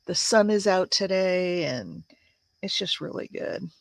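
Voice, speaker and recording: Slow gravelly woman in her sixties. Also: fairly low pitch, animated, no room sound. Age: 60s. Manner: chatty, reads viewer comments aloud, many fillers. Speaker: crafts channel host. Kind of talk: casual live-stream chat.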